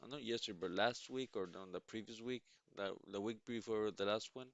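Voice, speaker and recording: A man live-streaming his coding, reading documentation aloud and musing with halting restarts; he sounds sleepy. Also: on the low side, a bit bright, no room sound, highs cut off. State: sleepy, yawning. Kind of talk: thinking aloud while reading docs.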